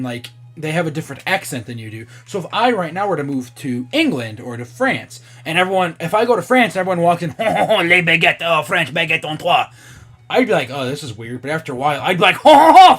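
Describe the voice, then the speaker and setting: A man's voice: fairly high pitch, husky. A man in his twenties chatting casually on camera, thinking aloud and swearing freely as he reacts. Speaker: vlogger.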